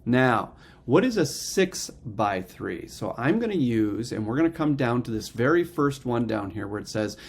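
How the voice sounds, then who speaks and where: Gravelly man teaching a breathing practice. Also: medium pitch, big pitch swings, moderate pace, slight background noise. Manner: explains step by step, often checks in with "okay?". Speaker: meditation teacher. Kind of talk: casual instructional talk.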